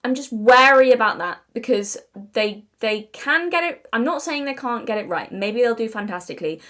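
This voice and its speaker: British woman rambling on her channel, kinda high voice, swears when she's annoyed, keeps going off on tangents. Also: expressive, moderate pace, fairly bright tone. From Britain. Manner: chatty and digressive, with frequent restarts and apologies; emphatic and exasperated, with swearing. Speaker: video essayist. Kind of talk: casual commentary to camera.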